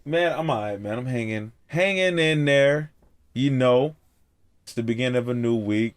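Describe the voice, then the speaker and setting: A man's voice: mid-range voice, moderate pace, clear, resonant tone, no echo. A young man hosting a casual podcast chat, telling stories in laid-back slang and laughing often. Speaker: podcast host.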